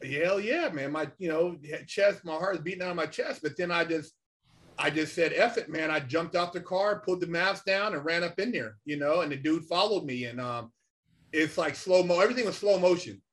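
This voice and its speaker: A man's voice: fairly high pitch, a little fast, a bit bright. A man, a podcast guest, telling a story in a casual, slangy way, full of "man" and "you know".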